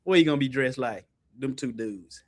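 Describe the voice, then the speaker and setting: A man teaching Bible study in an animated, colloquial way, speaking on a video call. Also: normal speed. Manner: lively, colloquial, jumps high in pitch for emphasis, laughs often.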